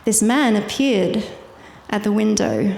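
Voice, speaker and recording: A woman's voice: mid-range voice, takes it slowly, gravelly, darkish tone. A woman with an Irish accent telling a vivid personal story as a guest, laughing easily as she goes. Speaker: guest sharing her testimony. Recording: echoey hall with faint noise.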